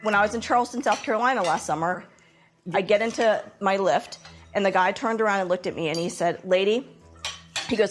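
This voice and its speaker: Woman at a dinner table, mid pitch, direct lecturing tone, faint music and dishes behind. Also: normal speed. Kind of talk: dinner party discussion.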